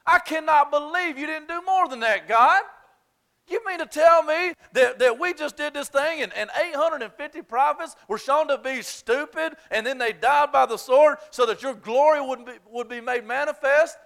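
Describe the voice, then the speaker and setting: A man voicing a self-pitying male prophet who complains loudly and whines during a sermon. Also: extremely high pitch, steady tone, unhurried, hardly any pauses, clear, resonant tone, voice pushed up. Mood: exasperated. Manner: whiny, exasperated, raised voice.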